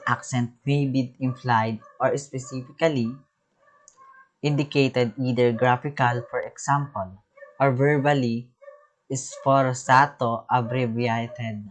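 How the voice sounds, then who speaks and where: A male music teacher works through his slides one term at a time, reading each definition aloud. He goes slowly and breaks off mid-word to start again, in a voice of ordinary middle pitch. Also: rough recording. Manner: halting, reads terms and definitions with restarts.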